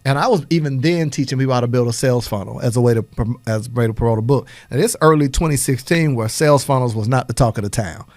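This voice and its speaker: An energetic male podcast host talking business like a preacher, rising and dipping as he drives home his points and laughing between them. His voice is dry and close, with no room sound around it. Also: medium pitch, fast talker, few pauses, no echo. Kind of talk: motivational business talk.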